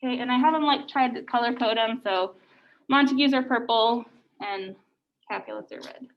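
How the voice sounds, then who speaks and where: Woman teacher, casual lecturing, high voice, distant muffled classroom audio. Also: normal speed. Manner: casual, says "like" often. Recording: echoey room, distant mic, muffled.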